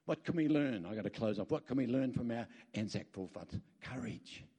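A man's voice: mid-range voice, lively intonation, a little fast, warm tone, slightly rough. An Australian man speaking as a guest at a church, preaching emphatically, telling folksy stories with rambling asides and calling out for amens. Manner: emphatic, calls out for amens from the crowd.

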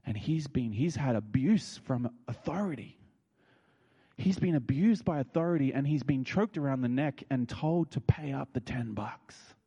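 A man preaching a sermon, telling stories and acting out what people said, with his voice leaping high when excited. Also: moderate pace, breathy edge, lo-fi sound. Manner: animated, leaps high when excited, acts out quotes. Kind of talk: sermon with storytelling.

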